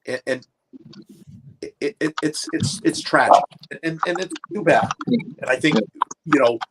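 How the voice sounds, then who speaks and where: A man's voice: on the high side, a little slow, noisy background. A man talking casually as a guest on a stream, often stumbling and repeating words as he searches for them. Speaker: panel guest. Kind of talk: casual chat.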